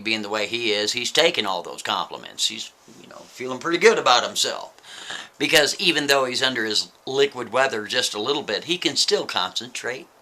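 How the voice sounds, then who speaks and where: A man's voice: fairly low pitch, pushed and bright. A man telling a story in a casual, chatty way, often checking in with the listener with "right?" asides.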